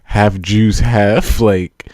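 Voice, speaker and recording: A man's voice: on the low side, extremely slow, dry recording, clean studio sound. A young man co-hosting a casual podcast, telling stories animatedly and acting out the people in them. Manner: animated storytelling, acting out quotes and laughing. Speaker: podcast co-host. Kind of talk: casual chat.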